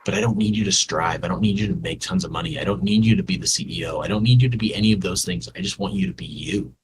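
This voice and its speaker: A man's voice: low-pitched, lively intonation, quick pace, noisy background. A man co-hosting a podcast, talking earnestly and directly to listeners in a heartfelt conversation. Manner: earnest, speaks straight to listeners. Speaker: podcast co-host.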